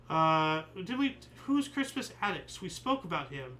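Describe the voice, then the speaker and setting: Bright-voiced man hosting a history stream. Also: a little high, sing-song, a little slow, few pauses, a little hiss or hum, rough recording. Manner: chatty, rambling asides, mild swearing; punches out each year before the entry. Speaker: host of a daily history stream. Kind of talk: casual livestream chat reading dates.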